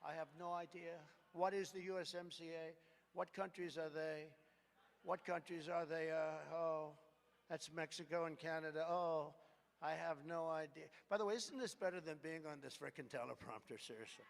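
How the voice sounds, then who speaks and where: An older man delivers a rambling, repetitive campaign rally speech with sarcastic asides in a large hangar venue. His voice is on the high side with fairly even intonation, moderate pace and some creak, recorded from a distance in an echoey hall.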